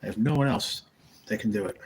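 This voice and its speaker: A man's voice: lowish voice, fast, a little hiss or hum, poor audio. A man hosting a casual live stream from a rehab facility room, rambling as he retells conversations.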